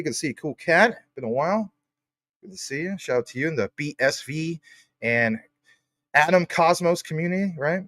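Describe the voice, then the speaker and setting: A man's voice: a little high, a bit bright, dry recording, clean studio sound. A man hosting a casual livestream, rambling enthusiastically and greeting viewers by name as he reads their comments. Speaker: crypto livestream host.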